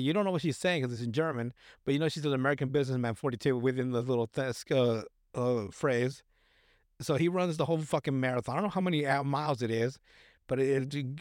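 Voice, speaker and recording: A man's voice: on the high side, no echo, studio quality. A man casually recapping a film on a podcast, rambling, swearing often and acting out the characters' lines. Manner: rambling, profane, acts out quotes. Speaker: podcast co-host.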